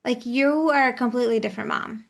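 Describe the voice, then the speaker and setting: A woman's voice: fairly high pitch, fast talker, gravelly. A woman parenting coach who hosts the show, speaking in an affirming, encouraging way. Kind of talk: coaching conversation.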